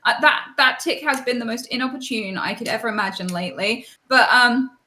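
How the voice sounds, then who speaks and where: A woman's voice: a little high, brisk, pushed and bright. A British woman from Britain, a guest in a casual interview, cheeky and teasing, heard over a call in an echoey room.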